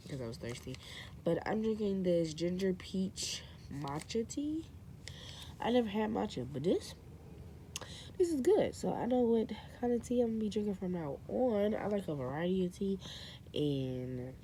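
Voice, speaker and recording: A woman's voice: lowish voice, slight background noise. Chatty young woman book vlogger. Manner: chatty, excitable, says "like" and "y'all". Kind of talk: casual vlog chat to camera.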